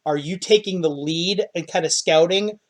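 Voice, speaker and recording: A man with a fairly high voice leads a tabletop game as game master. He prompts the players with questions as he runs the scene. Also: moderate pace.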